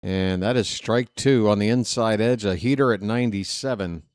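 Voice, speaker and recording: A man's voice: on the low side, moderate pace, darkish tone, no room sound. A man calling a ballgame play-by-play on a fan live stream, chatty, joking and fussy.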